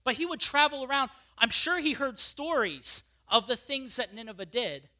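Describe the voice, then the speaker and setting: A preacher delivers an animated sermon in a chatty, down-to-earth way, tossing in casual asides. The voice is very bright and cutting. The pitch rises and falls in a lively way. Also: moderate pace.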